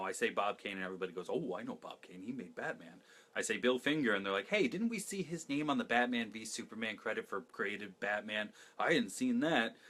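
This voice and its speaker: A man's voice: mid-range voice, a bit bright. Enthusiastic rambling man hosting. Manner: enthusiastic, rambling and jokey, with many asides and restarts. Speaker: host of a comics talk show. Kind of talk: casual solo fan talk to camera.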